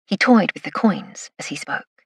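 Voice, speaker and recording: Woman audiobook narrator, husky, low-pitched, dry close recording, wry measured delivery. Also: lively intonation, dry recording. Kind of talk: first-person scripted narration.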